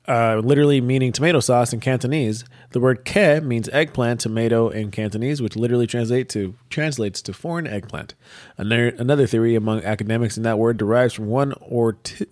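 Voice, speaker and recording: A young American man co-hosting a podcast reads from a wiki in casual chat, tossing in profane, sarcastic asides. His mid-range voice is a little mellow, with clean studio sound and no echo.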